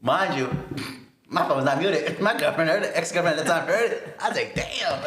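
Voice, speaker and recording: A man in his twenties telling a story on a casual podcast, animated and laughing often. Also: a little high, moderate pace, reverberant. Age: 20s. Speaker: podcast co-host.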